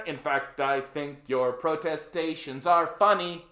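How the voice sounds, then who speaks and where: A man's voice: a little high, a little slow, hardly any pauses, sharp tone. Heated, profane man ranting. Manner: profane, heated, many repeated words and fillers. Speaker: political livestream host. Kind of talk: ranting live-stream commentary. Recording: roomy echo.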